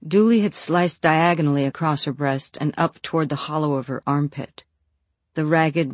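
An audiobook narrator reading a novel in an even, measured way. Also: mid-range voice, no echo.

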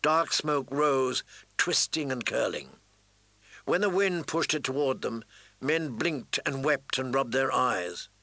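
Slow, bright-voiced male narrator. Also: mid-range voice, expressive, vocal fry, no echo, low-quality recording. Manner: measured, deliberate. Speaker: audiobook narrator. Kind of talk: scripted narration.

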